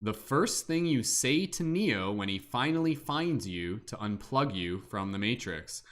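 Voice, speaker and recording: A man's voice: fairly low pitch, lively intonation, a little slow, a bit bright. Young male host, casual and rambling, lots of fillers and self-corrections. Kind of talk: casual improv game hosting.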